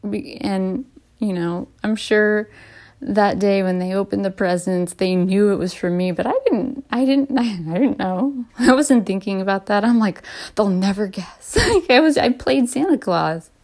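A woman in her late thirties talking in a casual, heartfelt and rambling way as a vlogger, often laughing softly between restarts. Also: medium pitch, moderate pace. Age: late 30s. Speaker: vlogger and podcaster. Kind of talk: casual heartfelt personal talk.

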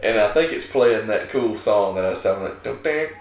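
A man's voice: on the low side, fairly quick. Laughing man in an echoey room. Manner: animated retelling of scenes, laughing often. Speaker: podcast co-host. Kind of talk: casual movie chat. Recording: echoey room with faint ambience.

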